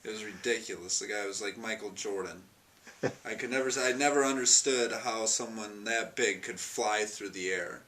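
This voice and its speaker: A fairly low-pitched man, pushed and bright at a normal speed, recounts a fond personal anecdote in an interview. The story rambles with restarts and chuckles, recorded from a distant mic with faint noise.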